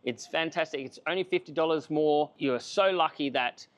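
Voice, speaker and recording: A man's voice: a little high, moderate pace, lo-fi sound. A man giving a casual, enthusiastic coffee machine review to camera, chatty and self-mocking.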